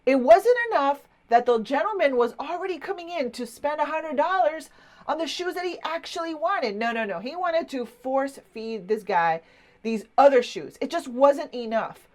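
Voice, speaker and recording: Chatty woman in her fifties, higher voice. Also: normal speed. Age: 50s. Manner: chatty, animated, many asides and restarts. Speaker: online marketing coach. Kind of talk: personal storytelling to camera.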